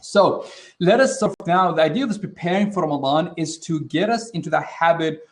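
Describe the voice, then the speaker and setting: A brisk, fairly high-pitched male voice belongs to the trainer hosting this interactive online teaching webinar. Energetic and casual, he acts out quoted reactions and frequently slips in Arabic religious phrases.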